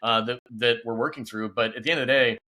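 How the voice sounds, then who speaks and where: A man's voice: medium pitch, fairly even intonation, fast talker, bright, forceful tone. A man speaking as a guest and company founder in a casual podcast interview, upbeat and peppered with "you know".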